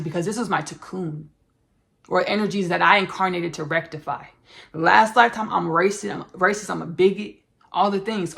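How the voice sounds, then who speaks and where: A woman hosting a podcast, talking earnestly in a spiritual monologue, halting and repeating herself with many fillers. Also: on the low side, vocal fry, a bit bright. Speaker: podcast host.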